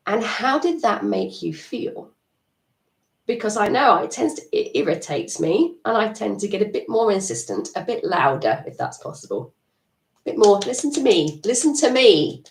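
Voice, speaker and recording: A woman's voice: medium pitch, vocal fry. A middle-aged woman coaching a live EFT tapping session, chatty and encouraging, laughing at herself. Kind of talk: live-stream coaching talk. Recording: echoey room, distant mic.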